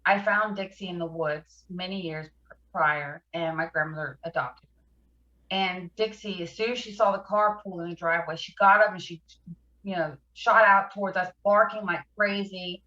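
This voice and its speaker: Woman guest, emotional recovery story, bright tense voice, lo-fi sound. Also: on the low side, fairly even intonation, echoey room. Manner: halting, emotional, fighting back tears. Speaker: podcast guest. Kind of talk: personal recovery story in an interview.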